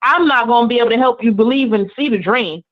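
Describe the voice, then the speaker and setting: A woman's voice: a little high, quick pace, dull audio. A woman co-hosting a radio talk show, emphatic and confident in her encouragement.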